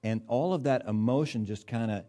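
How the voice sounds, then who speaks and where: A man's voice: mid-range voice, moderate pace, mellow. A man preaching a sermon in a conversational, folksy way, with touches of humor and rising bursts of emphasis.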